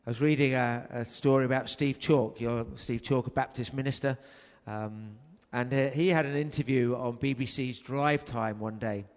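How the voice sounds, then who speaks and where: A man's voice: medium pitch, fairly even intonation, normal speed, few pauses. A man preaching a sermon, telling a story earnestly and raising his voice for emphasis. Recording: long hall reverb.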